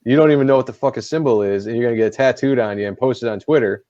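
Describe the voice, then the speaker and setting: A man's voice: medium pitch, racing, warm tone, no room sound, dull audio. A man co-hosting a podcast in casual chat, talking bluntly and swearing freely. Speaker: podcast co-host.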